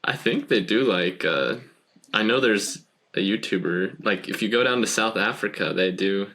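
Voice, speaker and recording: Young guy hosting a podcast, bright voice, lowish, keeps saying so cool. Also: moderate pace. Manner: enthusiastic, says "so cool". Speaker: podcast host. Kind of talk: casual interview chat.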